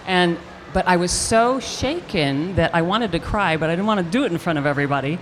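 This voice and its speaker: An older woman, an actress, telling a lively anecdote in an interview, acting out the quotes as she goes. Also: on the low side, a little fast, a little hiss or hum. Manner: animated storyteller acting out quotes with restarts. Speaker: actress guest.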